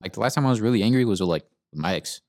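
Young male podcast host, low-pitched, laid-back and cussing, dry room. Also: expressive, rapid-fire, darkish tone, no echo. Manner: profane, laid-back, says "bro" often. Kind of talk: casual storytelling rant.

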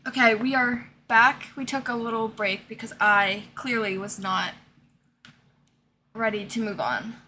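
A woman's voice: fairly high pitch, measured pace, bright, forceful tone, a little hiss or hum. A young woman in casual chat, retelling TV scenes and repeatedly breaking into laughter. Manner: giggly, keeps cracking up while retelling scenes. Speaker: co-host. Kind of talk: casual chat recapping a TV series.

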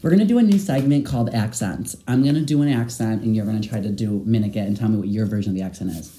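A man's voice: on the low side, fast talker, dark tone. A man hosting a casual vlog chat, teasing and crude in a playful way. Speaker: vlogger host.

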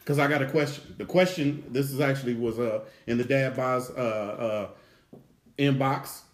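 A man's voice: mid-range voice, fairly even intonation, normal speed, roomy sound. A man who is a comedian co-hosting a podcast, chatting casually with teasing asides and plenty of swearing. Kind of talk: casual chat.

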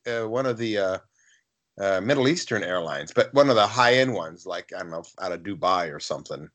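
A man's voice: medium pitch, fairly bright tone. A man co-hosting a podcast in casual chat, blunt and profane, telling anecdotes. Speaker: podcast co-host.

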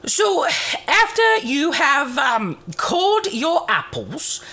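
A woman playing a chatty, high-voiced Mrs. Claus. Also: very animated, drawn-out words, bright, forceful tone, heavily acted. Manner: chatty, rambling, cheeky asides. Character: cheerful motherly Mrs. Claus baking at the North Pole. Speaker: show host in character. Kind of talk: in-character cooking segment.

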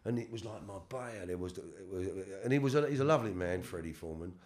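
A middle-aged man from London with a London accent, a guest in a candid interview, talking haltingly with casual slang and repeated words. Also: sits low, a little mellow. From London, England. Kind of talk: candid life-story interview.

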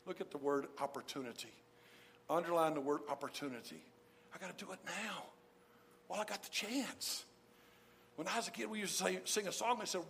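High-voiced preacher, emphatic. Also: male voice, brisk, creaky, long pauses, a bit bright, slight background noise. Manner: emphatic, repeats key phrases for stress. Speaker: pastor. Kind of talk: sermon.

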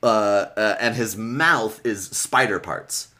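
A man's voice: fairly low pitch, slow pace, bright, forceful tone. A man casually recapping a children's book on a podcast, swearing freely and reading passages aloud. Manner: loose and profane, reads excerpts aloud. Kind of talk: casual chat.

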